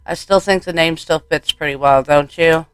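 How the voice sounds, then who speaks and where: A man's voice: fairly high pitch, normal speed, clean tone, no room sound, soft background music, close to an everyday voice. A man reading the part of a doting, unsettling woman in a horror game, full of sugary pet names. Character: doting, unsettling adult woman, motherly, obsessive.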